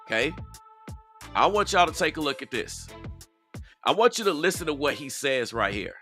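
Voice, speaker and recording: A man's voice: fairly high pitch, sing-song, normal speed, bright, forceful tone, faint music behind. A man hosting a casual live-stream commentary, talking straight to his viewers and repeating himself for emphasis. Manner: repetitive, emphatic, addresses viewers directly. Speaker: online commentary host. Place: outdoors.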